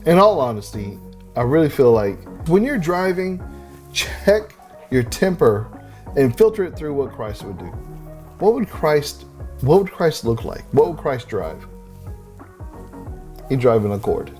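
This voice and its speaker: A man preaching a sermon, telling animated stories with self-deprecating humor. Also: mid-range voice, unhurried, long pauses, soft background music. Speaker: pastor.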